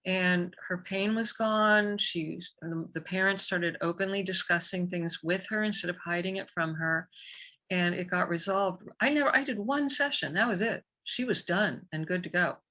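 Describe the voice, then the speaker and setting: A woman guest on a podcast, an energy healer telling a story in a lively, conversational way. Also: fairly low pitch, moderate pace. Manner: animated, vivid storyteller.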